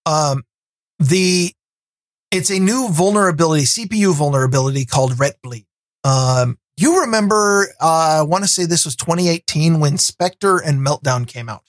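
A man's voice: a little high, lively intonation, normal speed, no room sound. A man co-hosting a casual tech podcast, with dry, teasing, grumpy banter. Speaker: podcast co-host.

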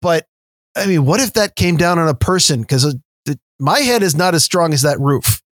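A man's voice: a little high, lively intonation, normal speed, fairly bright tone. A podcast co-host with a slightly raised voice tells his stories in a rambling way, full of restarts and dry asides. The sound is close and dead, with no room echo. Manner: storytelling with many restarts and fillers, wry jokes. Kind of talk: casual podcast chat.

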